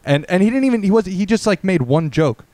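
A man in his thirties chatting loosely on a podcast, swearing freely and joking as he rambles, sometimes breaking into animated bursts. His voice sits a bit high for a man, and the sound is close and dry. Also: fast talker, dry recording. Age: 30s. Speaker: podcast co-host. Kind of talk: casual chat.

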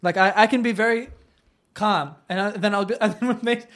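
A man's voice: high-pitched, brisk, fairly bright tone. A young man telling stories in casual podcast chat, laid back, slipping into quoted voices. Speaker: podcast host.

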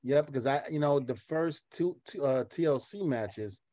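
A middle-aged former wrestler telling stories in a casual chat, animated and laughing often, swearing now and then. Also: male voice, a little high, unhurried, dry recording. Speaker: former pro wrestler, guest.

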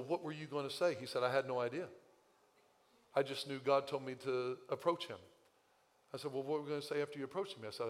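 A man preaching a sermon as pastor, telling a story with animated asides, his voice a little strained after losing it. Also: medium pitch. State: recovering voice, slightly strained. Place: church sanctuary. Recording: long church hall reverb.

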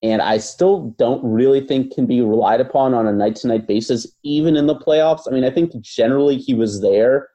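A man's voice: mid-range voice, moderate pace, few pauses, mellow, muffled recording. A man co-hosting a basketball podcast, talking through his views in a casual, thoughtful way with many fillers and hedges. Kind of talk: casual analytical chat.

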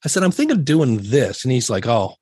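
Candid middle-aged man, husky voice. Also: medium pitch, very animated, fast talker, darkish tone, no echo. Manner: candid, self-deprecating storyteller with many restarts. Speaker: podcast guest. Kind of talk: casual interview chat.

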